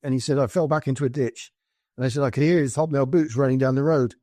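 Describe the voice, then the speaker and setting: A British man on a podcast spins army anecdotes, acting out the people he met in little quoted exchanges. His voice sits at an ordinary middle pitch, and the sound is close and dry, with no room around it. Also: fast talker, no echo. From Britain. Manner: animated anecdotes with quoted dialogue. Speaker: podcast guest, former soldier. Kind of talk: conversational storytelling.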